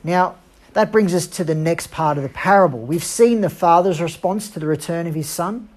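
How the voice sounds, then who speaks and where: A woman preaching a sermon, earnest and emphatic, leaning on slow dramatic pauses. Her voice sits low and has a husky grain to it. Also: darkish tone.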